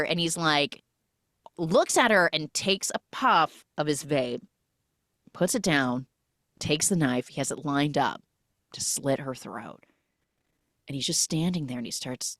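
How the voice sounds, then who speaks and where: A woman with a low voice recaps a movie for a podcast in an animated storytelling style. She keeps switching into quotes from the characters. The recording is dry and close. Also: normal speed, no room sound. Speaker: podcast host.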